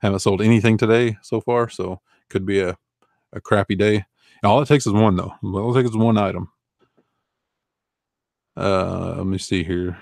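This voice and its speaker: A man's voice: on the low side, steady tone, normal speed, creaky, long pauses, a little mellow, dry recording, studio quality. A man in his forties, an online reseller, chatting casually and rambling through viewer questions with easygoing fillers and chuckles. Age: 40s. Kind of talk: casual live Q&A chat.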